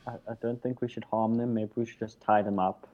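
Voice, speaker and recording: A woman's voice: extremely low pitch, flat delivery, quick pace, a little mellow. A woman playing a tabletop game in character, hesitant and dry. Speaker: player. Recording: dull lo-fi audio.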